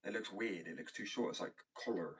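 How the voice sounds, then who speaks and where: A man's voice: low-pitched, a little fast, fairly bright tone, husky, rough recording. An American man rambling and joking in a casual chat with his viewers, swearing freely. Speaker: streamer chatting with viewers.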